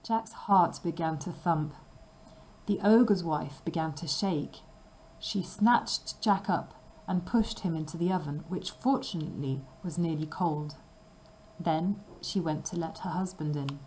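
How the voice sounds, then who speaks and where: A woman reads a fairy tale aloud for language learners, taking her time over every word with careful, clear pacing. Her voice sits fairly low, with a faint hum of noise behind it. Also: a little mellow, poor audio. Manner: slow, careful and clearly paced. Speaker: storybook reader. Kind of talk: slow storybook reading for language learners.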